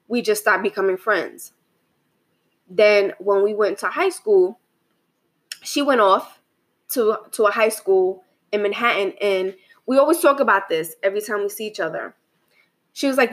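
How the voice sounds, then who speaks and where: Young woman just talking, chill and reflective, lots of "like" and restarts, kinda meanders. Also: mid-range voice. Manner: rambling, many restarts and fillers, asks "right?". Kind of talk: casual reflective monologue.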